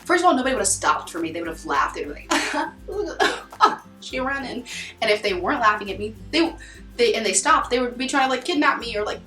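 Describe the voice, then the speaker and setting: A woman's voice: a little high, animated, fast, bright, forceful tone, faint music behind. Bubbly young American woman vlogging. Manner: bubbly, rambling, lots of "like". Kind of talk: casual chat to camera. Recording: echoey room heard from a distance.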